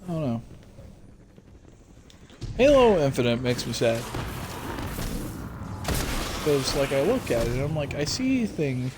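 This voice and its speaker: A young man hosting his own casual talk show, rambling excitedly about games with lots of fillers. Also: medium pitch, a little slow, long pauses, over music. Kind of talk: casual solo gaming chat. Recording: noisy home recording.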